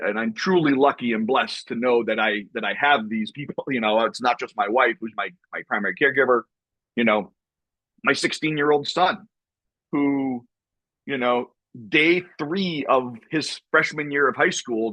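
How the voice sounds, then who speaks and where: A man in his fifties talks with earnest, reflective candor, often circling back and restarting his phrases. His voice is bright and forward. The sound is dry and close, with no room around it. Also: medium pitch, dry recording, dull audio. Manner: earnest, reflective, repeats words often and tags sentences with "right?". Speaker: podcast guest. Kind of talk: candid conversational interview.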